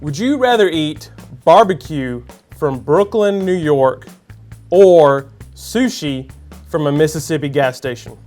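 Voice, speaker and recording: A man hosting a show, reading out either-or questions to a guest in a brisk, upbeat way. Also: on the high side, animated, darkish tone, soft background music. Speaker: show host. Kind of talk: scripted interview questions.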